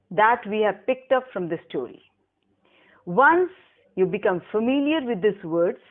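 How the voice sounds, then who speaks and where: A woman's voice: medium pitch, phone-quality sound. A woman lecturer, giving a recorded lesson and carefully spelling out words for students. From Pakistan. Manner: slow, deliberate teacher's delivery, spelling words aloud. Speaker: English lecturer.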